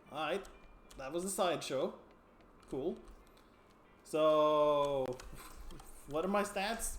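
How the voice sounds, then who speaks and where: A man's voice: a little high, echoey room. Man thinking aloud over a game. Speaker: streamer. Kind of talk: casual game narration and commentary.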